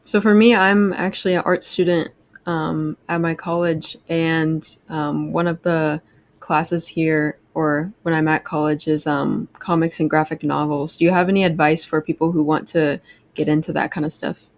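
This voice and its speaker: A young adult art student asking a guest a question, hesitant and pausing with ums. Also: mid-range voice, level tone, no room sound. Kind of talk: audience question.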